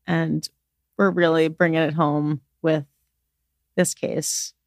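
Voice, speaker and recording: A woman's voice: deep voice, flat delivery, takes it slowly, a little mellow, no echo, clean studio sound. A woman co-hosting a casual podcast chat, earnest and emotional, gushing about her friend and the show. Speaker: podcast co-host.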